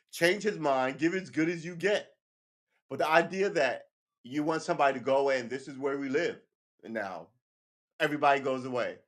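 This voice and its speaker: A man hosting a casual livestream, ranting with heated emphasis, swearing often and checking in with "right?" between points. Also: a little high. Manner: keeps asking "right?" and laughs between points. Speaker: livestream host.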